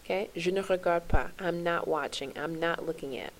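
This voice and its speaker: A woman's voice: lowish voice, moderate pace, slight background noise. A woman teaching a French lesson to her class, spelling out verb endings in a chant and checking in with "okay?" as she goes.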